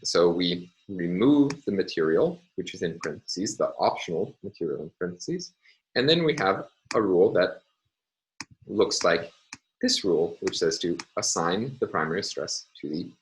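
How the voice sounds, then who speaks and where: Low-voiced man lecturing, steady and explanatory. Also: poor audio. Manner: measured, explanatory, frequent "uh" and "um" pauses. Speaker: university lecturer. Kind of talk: recorded phonology lecture.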